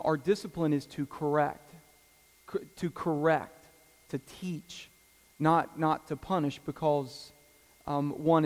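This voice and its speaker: A man's voice: on the high side, darkish tone. A male pastor preaching a sermon in a loose, conversational way, with fillers and restarts. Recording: long hall reverb.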